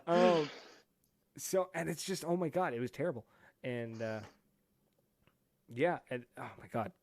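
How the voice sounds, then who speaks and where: A man from Canada hosting a podcast, telling a lively story in casual chat, acting out what people said and laughing often. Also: on the high side, measured pace. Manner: animated storyteller, acts out quotes, laughs often. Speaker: podcast host.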